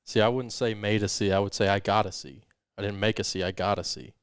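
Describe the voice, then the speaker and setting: A man co-hosting a casual podcast chat, teasing in a wry, deadpan way. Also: lowish voice, fast, smooth, dry recording, clean studio sound.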